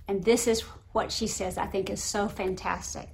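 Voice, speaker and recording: A middle-aged woman preaching a sermon, telling a story with lively acted voices. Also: medium pitch, moderate pace, creaky. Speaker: pastor.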